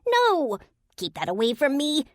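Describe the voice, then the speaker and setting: A woman voicing a small, bratty woodland fairy with a shrill, nasal voice. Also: sing-song, slow, no room sound, studio quality. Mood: indignant. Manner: shrieking, whiny and insulting.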